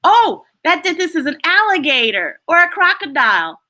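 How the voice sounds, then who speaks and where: A woman's voice: extremely high pitch, sing-song, normal speed, bright, forceful tone. A woman reading picture books aloud to young children, laughing often and chatting with her listeners between pages. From United States. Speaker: children's storytime reader.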